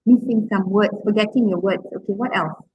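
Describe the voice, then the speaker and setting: With a medium-pitched, slightly rough voice and a brisk pace, a woman runs an interactive online lecture on public speaking, recorded lo-fi with no room sound. Encouraging throughout, she questions her class and relies on fillers like "okay" and "right."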